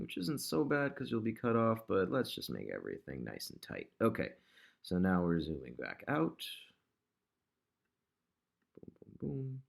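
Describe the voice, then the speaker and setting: Low, gravelly man thinking aloud. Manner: thinks aloud, chatty, talks to objects on screen. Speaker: digital marketer demonstrating ad design. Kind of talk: casual screen-recording tutorial.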